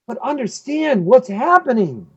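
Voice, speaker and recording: A man rants through a heated opinion monologue as a live show host. He jumps from loud, mocking outbursts to low, grumbling asides. The audio is dull and lo-fi. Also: sing-song, a little slow, slightly rough. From United States. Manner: ranting, swings between loud outbursts and low muttering.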